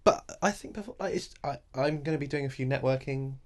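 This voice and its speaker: A man co-hosting a podcast in casual chat, relaxed, often laughing and pausing with ums. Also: mid-range voice. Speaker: podcast co-host.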